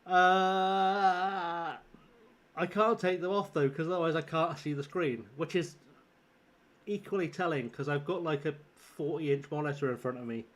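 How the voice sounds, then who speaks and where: A man's voice: a little high, brisk. A young man streaming a game, chatting casually in a rambling, self-deprecating way and chuckling often. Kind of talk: casual gaming livestream chat.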